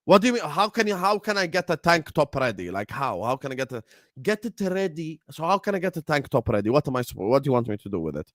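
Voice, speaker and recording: A young man hosting a football fan live stream, talking casually, animated and repetitive as he rants at his chat. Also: a little high, quick pace, no echo, clean studio sound. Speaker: football fan show host.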